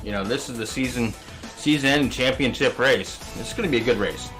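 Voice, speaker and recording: A man's voice: medium pitch, brisk, music in the background. A middle-aged man calling a sim racing broadcast in a chatty, easygoing way, reading out the starting grid. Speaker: race commentator.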